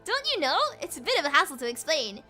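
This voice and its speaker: A woman's voice: very animated, fast talker, sharp tone, faint music behind, heavily acted. Woman voicing a terse weary android soldier. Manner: low-key, terse, a bit weary.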